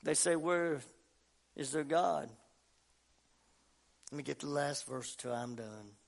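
A man preaching a fervent sermon, swinging between quiet talk and shouting. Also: fairly high pitch, slow pace, gravelly. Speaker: pastor.

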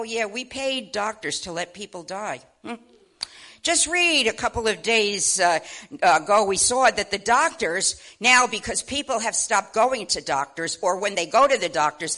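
An older woman preaching a sermon, impassioned, swinging between loud exclamations and low asides. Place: church.

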